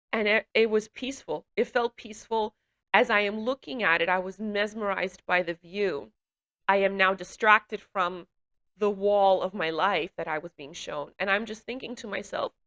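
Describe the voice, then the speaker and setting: A woman's voice: medium pitch, fairly bright tone, lo-fi sound. A woman giving an emotional personal testimony, speaking hesitantly with many fillers and restarts. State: emotional, runny nose. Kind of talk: personal testimony, reflective storytelling.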